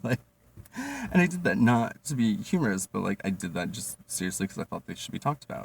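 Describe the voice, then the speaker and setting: A young man telling a storytime monologue as a vlogger, animated and profane, with frequent laughs and filler words. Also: lowish voice, fairly quick, vocal fry, far from the mic, a little hiss or hum.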